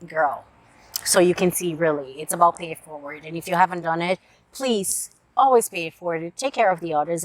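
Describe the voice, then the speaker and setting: A woman's voice: fairly low pitch, dry recording. A woman casually reviewing picture books to camera, earnest and openly emotional as she talks. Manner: earnest, emotional, tearful at moments. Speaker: book reviewer. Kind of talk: casual book review vlog.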